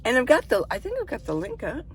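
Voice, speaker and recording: A woman's voice: high-pitched, wildly swooping pitch, quick pace. A middle-aged woman vlogger chatting casually and rambling as she shows the inside of her minivan, with a camera held in her hand. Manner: chatty, rambling, laughs often.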